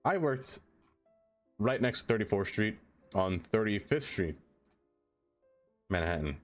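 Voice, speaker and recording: A man's voice: on the low side, expressive, slow pace. A young man chatting casually on a live stream as he plays a city-building game. He talks to the things he builds and laughs often. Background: faint music.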